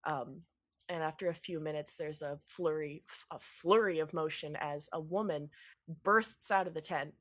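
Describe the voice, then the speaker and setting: Woman, low voice, game master, meandering narration, frequent ums. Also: normal speed, a bit bright.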